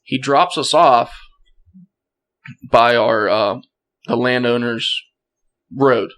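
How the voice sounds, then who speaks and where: A young man, a podcast guest, telling a hunting story in a casual, animated way, often laughing and clearing his throat. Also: medium pitch, slow pace.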